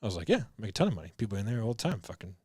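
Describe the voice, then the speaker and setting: Very animated and rapid-fire, a man in his thirties, a business coach on a podcast, tells casual stories while swearing, laughing, and acting out quotes, filling gaps with "like" and "bro." His lowish voice is darkish and husky, recorded in a studio with no room sound.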